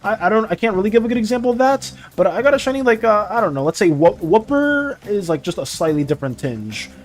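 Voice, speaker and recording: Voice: medium pitch, sing-song, fast. A streamer chatting casually on a live stream, rambling and giggly while reacting to chat.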